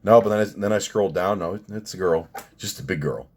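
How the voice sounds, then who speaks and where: A man's voice: low voice, fairly quick, darkish tone. A man in his thirties ranting sarcastically in a casual vlog, swearing often. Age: 30s. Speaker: vlogger.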